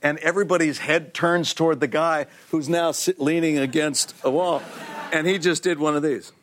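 A middle-aged man, a guest actor on a TV talk show, telling anecdotes in a lively way, acting out voices and laughing often. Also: on the high side, moderate pace, slight background noise.

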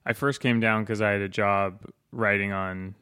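A man as a podcast guest, speaking in a quiet, understated, low-key way. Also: steady tone, normal speed, clean tone. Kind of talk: casual interview chat.

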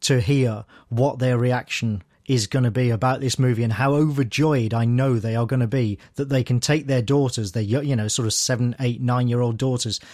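A man's voice: mid-range voice, a little mellow, no room sound, studio quality. A British man chatting enthusiastically on a podcast panel and laughing easily. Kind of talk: casual chat.

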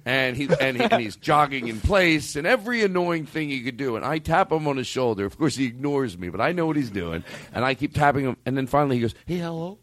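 A man's voice: mid-range voice, lively intonation, quick pace, few pauses, a bit bright. A man hosting a comedy podcast in a studio, telling rambling stories, laughing and swearing as he acts out bits. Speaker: podcast host. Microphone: studio mic.

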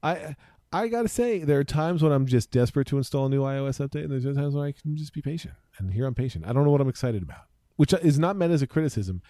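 A man's voice: mid-range voice, lively intonation, quick pace, warm tone, no room sound, studio quality. A man co-hosting a podcast, chatting casually and rambling with restarts and jokes. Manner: rambling, self-interrupting, jokey. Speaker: podcast co-host. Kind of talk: casual tech chat.

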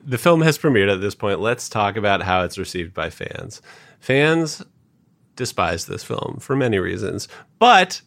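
A man with a low voice leads a casual podcast chat. He lays out the story in a steady, informative way and drops in the odd dry aside. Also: a little slow, creaky. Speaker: podcast host presenting the research.

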